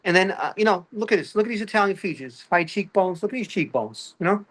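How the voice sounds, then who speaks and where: A man with a Brooklyn accent doing a stand-up comedy routine, animated and chatty, peppering his talk with "all right" as he addresses the audience. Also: sits high, fast talker. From Brooklyn, New York.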